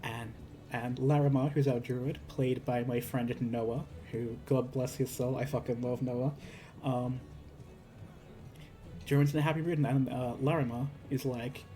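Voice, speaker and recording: A man's voice: medium pitch, little pitch movement, measured pace, mellow, slight background noise. A man casually recounting a tabletop game session, rambling with lots of fillers and restarts. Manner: rambling, filler-heavy, acts out characters. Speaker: streamer telling a tabletop game story. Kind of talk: casual storytelling.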